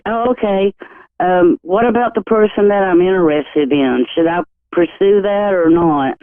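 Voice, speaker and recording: A woman's voice: on the low side, measured pace, no room sound. A woman calling in with hesitant questions. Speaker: caller. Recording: tinny phone line.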